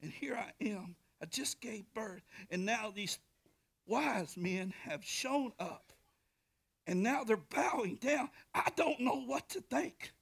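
A man's voice: expressive, slow, vocal fry, a bit bright, slightly rough, exaggerated voice. A man putting on a desperate young mother crying out. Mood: bewildered. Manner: crying out, pleading, high strained voice. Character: frightened young mother giving birth, woman.

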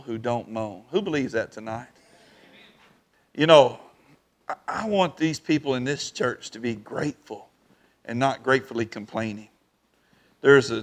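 A man preaching a sermon in church, lively and folksy, calling out to the congregation. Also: medium pitch. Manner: lively preaching with crowd call-outs and folksy grammar. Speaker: pastor.

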